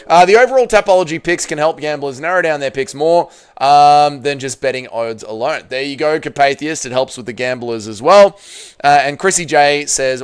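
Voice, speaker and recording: A man's voice: on the high side, moderate pace, clean tone, no echo. An Australian man hosting a casual livestream, reading out chat messages and talking bluntly with frequent swearing. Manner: blunt, swears often, reads chat aloud. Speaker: streamer host.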